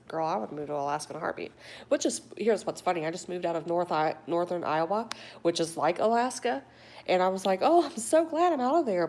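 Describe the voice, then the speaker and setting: Brief: middle-aged woman, lower voice, chatty livestreamer, slips into whispered asides, phone mic, faint room hum. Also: darkish tone. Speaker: livestreamer reading viewer chat. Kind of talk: casual live chat. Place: home in a warm state.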